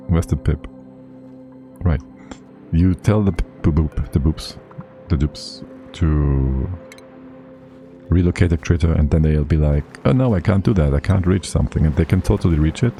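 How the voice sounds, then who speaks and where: Very deep-voiced, dark-toned man streaming a game. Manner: chatty, thinks aloud, laughs often. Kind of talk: casual livestream gameplay commentary.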